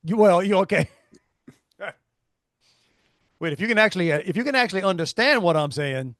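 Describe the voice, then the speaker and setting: A man's voice: sits high, a little fast, no echo, clean studio sound. A middle-aged man with a South Louisiana accent, co-hosting a podcast and telling stories with many restarts. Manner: storytelling, animated, many restarts. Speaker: podcast co-host. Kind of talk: casual chat.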